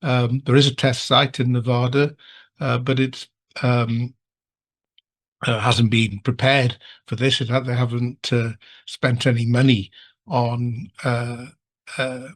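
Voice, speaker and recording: An older man from England, a war studies professor, answering interview questions in a measured way with frequent ums, heard over a video call. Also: medium pitch, flat delivery. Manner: measured, hesitant with many ums and uhs.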